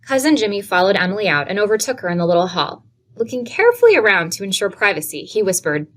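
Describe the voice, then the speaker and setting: A woman reading a classic novel aloud, with steady, clear storytelling. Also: mid-range voice, quick pace. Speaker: audiobook reader.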